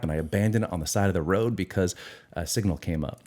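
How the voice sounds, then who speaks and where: A man's voice: low-pitched, quick pace, a little mellow. A middle-aged man answering interview questions in an earnest, reflective way, sometimes acting out his inner dialogue. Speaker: guest, addiction recovery expert.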